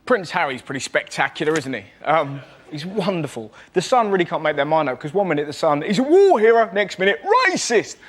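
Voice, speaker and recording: A man performing a rapid, animated stand-up routine on a comedy panel show, acting out characters as he goes. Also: fairly high pitch. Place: TV studio with a live audience.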